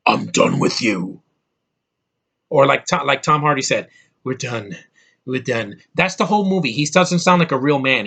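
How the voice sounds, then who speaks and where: Bright-voiced, furious ranting man. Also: medium pitch. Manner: exasperated, profane, repeats himself when worked up. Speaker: movie reviewer. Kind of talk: angry ranting movie review.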